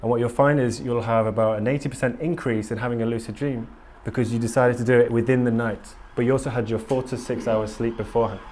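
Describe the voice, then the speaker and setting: A man speaking at a conference, candid and eager, rambling through his points with many ums. His voice sits at an ordinary middle pitch for a man. The sound is a live talk in a hall. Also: fairly even intonation, quick pace, hardly any pauses, darkish tone, slight background noise. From England.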